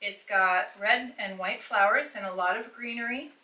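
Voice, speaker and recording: A woman's voice: medium pitch, moderate pace, sharp tone, rough recording. A middle-aged woman hosting a casual try-on vlog, chatting enthusiastically as she explains and shows things to the viewer. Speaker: fashion vlogger.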